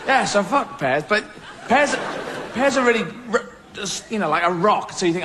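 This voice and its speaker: A man doing a stand-up comedy routine on stage, rambling and animated, often slipping into silly voices. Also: sits high, fast, echoey room, long reverb tail, very noisy. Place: theatre stage before a live audience.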